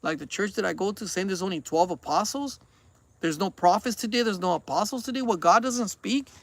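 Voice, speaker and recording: A man's voice: high voice, fairly quick, no echo. A man in his forties chatting earnestly in a vlog, rambling and preachy, often repeating himself. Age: 40s. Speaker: vlogger. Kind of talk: casual rambling chat.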